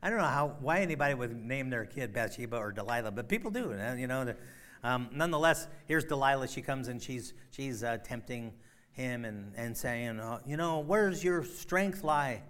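A man's voice: mid-range voice, lively intonation, a little fast. Conversational male preacher with emphatic bursts. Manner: storytelling with sudden loud emphatic bursts; frequent fillers and restarts, conversational. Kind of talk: sermon.

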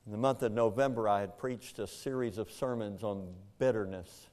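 Older man, pastor, sermon, emotional, shouted questions, hushed heavy passages. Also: lowish voice, normal speed.

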